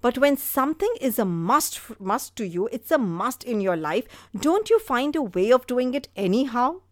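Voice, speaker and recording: A woman's voice: a little high, big pitch swings, normal speed, no room sound. Motivational podcast host, woman, earnest storyteller, fillers, dry booth sound. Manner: earnest, storytelling, frequent "you know" fillers. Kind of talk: motivational talk.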